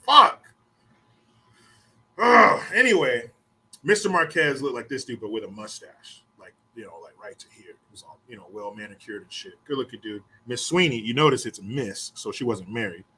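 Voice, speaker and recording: A man's voice: medium pitch, expressive, bright, forceful tone, slightly rough. A man hosting a podcast, telling a rambling story in a casual, profane way and swearing freely. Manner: rambling, swears often, puts on quick mocking voices. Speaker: podcast host.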